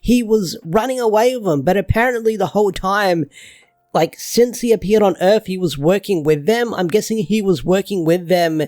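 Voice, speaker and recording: A man giving a casual, excitable comic book review, gushing and rambling loosely. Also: sits high, normal speed, no echo.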